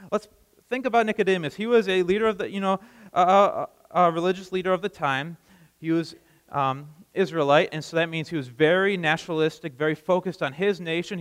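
A man's voice: on the high side, fairly bright tone, in a large hall, rough recording. A man giving a sermon as pastor, talking in a conversational way with frequent restarts and repeated words.

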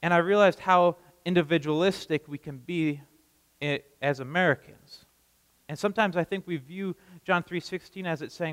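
A man's voice: high-pitched, normal speed, fairly bright tone, big-room sound, rough recording. A man giving a sermon as pastor, talking in a conversational way with frequent restarts and repeated words.

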